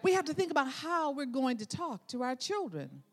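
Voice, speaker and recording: A woman with a high voice preaches a sermon, earnest and emphatic, circling back over her key words. Her voice rings with the long reverb of a church hall. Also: big pitch swings, moderate pace.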